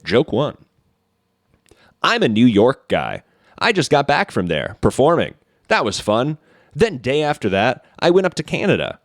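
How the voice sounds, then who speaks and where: A man's voice: mid-range voice, wildly swooping pitch, unhurried, no room sound, clean studio sound. A man hosting a comedy podcast, chatting playfully and reading listener mail. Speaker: podcast host. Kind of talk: casual comedy podcast chat.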